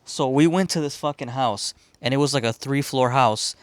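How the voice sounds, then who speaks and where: A man's voice: medium pitch, moderate pace, clear, resonant tone, no room sound. A man from Chicago hosting a podcast, telling a story casually and profanely, rambling and laughing as he goes. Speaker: podcast host.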